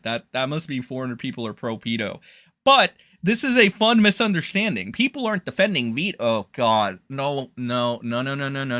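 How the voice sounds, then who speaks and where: Man, livestream commentator, angry profane ranting, lively swinging pitch, dry close sound. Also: dry recording. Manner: profane, heated, exasperated outbursts.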